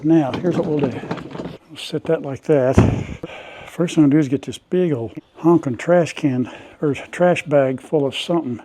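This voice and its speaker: An older man chats his way through a farm chore, folksy and easygoing as he talks to his viewers. His voice sits a bit high but sounds warm and mellow. A faint hiss of background noise runs under it. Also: moderate pace. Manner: folksy, chatty, talks to viewers while cleaning out a shed. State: coughing from dust at times. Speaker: farm vlogger. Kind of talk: casual narration while working. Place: old farm outbuilding and yard.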